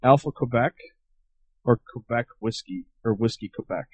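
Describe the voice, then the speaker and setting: A man's voice: medium pitch, moderate pace, husky, no room sound. A man co-hosting an aviation podcast, chatting in an easygoing way and laughing along. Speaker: podcast co-host, pilot. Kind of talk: casual aviation podcast chat.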